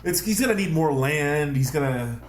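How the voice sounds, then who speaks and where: A man co-hosting a podcast, joking around in quick casual banter. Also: fairly high pitch, animated, a little hiss or hum. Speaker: podcast co-host.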